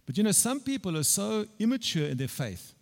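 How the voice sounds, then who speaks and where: A man preaching a sermon with a slightly high voice, telling a story in a lively way. He repeats his phrases and pushes into loud emphasis. His voice rings with a long reverb through a large church hall. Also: brisk, gravelly.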